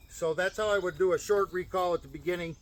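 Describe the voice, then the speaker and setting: A male dog trainer explaining recall training outdoors in a calm, practical way. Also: quick pace. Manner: calm explaining, bursts of high excited praise to a dog.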